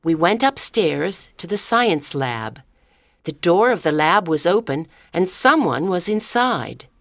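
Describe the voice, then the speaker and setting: A woman reading a story aloud as narrator in a clear, measured storytelling manner. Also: on the low side, very animated, no echo, clean studio sound.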